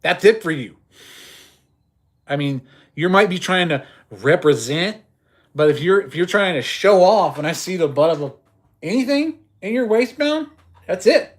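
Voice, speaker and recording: A man's voice: sits high, animated, moderate pace. A middle-aged man chatting on a livestream, talking tough and blunt, swearing freely and rambling with stammered restarts. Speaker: livestream host. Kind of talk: casual livestream chat.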